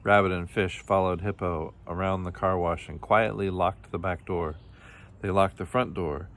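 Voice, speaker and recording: Male storybook reader, lowish voice, gentle expressive read-aloud. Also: moderate pace. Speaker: children's book reader.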